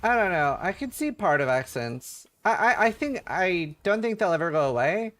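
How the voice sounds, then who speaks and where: A man's voice: high-pitched, expressive, moderate pace, fairly bright tone. A man from Norway with a light Norwegian accent, a game streamer chatting casually with his viewers, rambling with lots of fillers and playfully imitating accents. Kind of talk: casual chat with chat readers while gaming.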